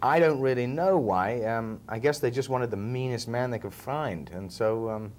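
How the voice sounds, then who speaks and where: A man's voice: medium pitch, normal speed, darkish tone, slight background noise. A man, telling stories as a film actor being interviewed, chatty and chuckling now and then. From England, Liverpool. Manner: chatty storyteller, often chuckling. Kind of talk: relaxed interview chat.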